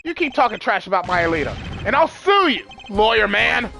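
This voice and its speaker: A game player voicing a spoiled, possessive young man who shouts whiny threats, with music behind. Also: medium pitch, sing-song, brisk, vocal fry, heavily acted. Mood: angry outburst.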